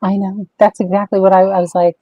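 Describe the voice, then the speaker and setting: A woman's voice: mid-range voice, level tone, brisk, no echo, lo-fi sound. A chatty, self-deprecating woman hosting a casual livestream chat over a video call. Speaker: event host.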